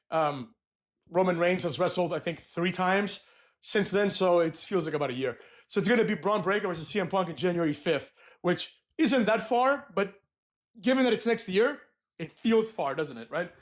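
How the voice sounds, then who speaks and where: A man ranting about wrestling promos, blunt and profane, and he keeps tagging his points with "right?". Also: high voice. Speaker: wrestling commentator. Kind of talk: opinionated rant.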